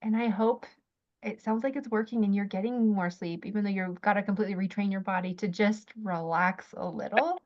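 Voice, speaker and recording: A woman working as a parenting coach, giving gentle, thoughtful advice on a video call. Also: mid-range voice, fairly even intonation, brisk, dull audio.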